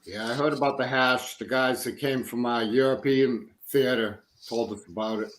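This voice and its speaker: A man's voice: mid-range voice, steady tone, moderate pace, a little hiss or hum, poor audio. A man in a casual group chat, reminiscing in a laid-back way.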